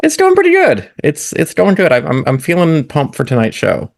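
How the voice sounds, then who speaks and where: A man's voice: fairly high pitch, wildly swooping pitch, normal speed, gravelly, no room sound. A man co-hosting a comedy podcast in casual chat, stammering and repeating his words, on a close microphone. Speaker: podcast co-host.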